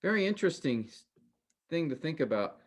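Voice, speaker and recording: A man teaching a class in a conversational way, often pausing to quiz his students with questions. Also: on the high side, sing-song. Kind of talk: interactive class lecture.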